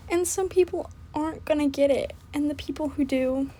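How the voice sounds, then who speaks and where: A young woman in casual, scattered chat, often trailing off, restarting and dropping to soft asides. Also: sits high, fairly even intonation, a little fast, hardly any pauses. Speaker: book vlogger. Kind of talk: casual rambling chat while gaming.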